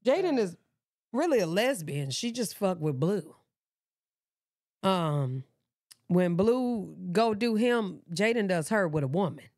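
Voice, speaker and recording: A woman's voice: medium pitch, very animated, slow pace, pauses often, a little mellow, dry recording, studio quality. A woman hosting a reaction stream, chatting casually in an offhand, laid-back way. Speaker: reaction channel host.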